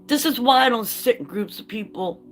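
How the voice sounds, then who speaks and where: A woman's voice: a little high, lively intonation, a little fast, faint music behind. A woman talking to camera in a candid vlog, blunt and profane, moving from reading aloud to an impassioned rant. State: choked up. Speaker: vlogger.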